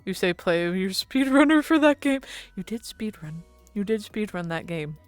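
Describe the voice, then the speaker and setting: A woman's voice: medium pitch, expressive, normal speed, no room sound, soft background music. A woman streaming, chatting casually and giggling with her viewers, swearing now and then. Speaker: VTuber streamer.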